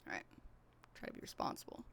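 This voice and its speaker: A young woman with a squeaky, high-pitched voice talks fast on a live stream. Her casual, rambling chat swings between loud and hushed.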